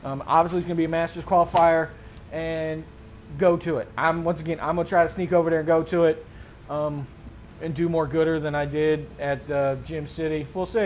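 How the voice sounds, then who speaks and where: A man hosting a casual tabletop gaming chat, slangy and rambling, getting excited as he talks. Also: on the high side, brisk, slight background noise. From Mid-Atlantic United States. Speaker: host.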